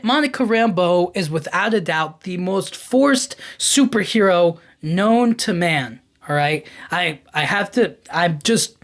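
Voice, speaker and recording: A man hosting a podcast, giving a casual, animated film-review rant full of "like" and "you know what I mean". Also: sits high. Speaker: podcast host.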